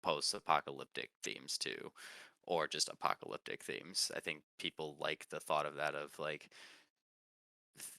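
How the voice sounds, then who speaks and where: A man's voice: rumbling low, fairly even intonation, moderate pace, creaky, bright, forceful tone, smooth, dry recording. A man co-hosting a casual podcast chat, rambling and searching for words, laughing now and then. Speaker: podcast co-host.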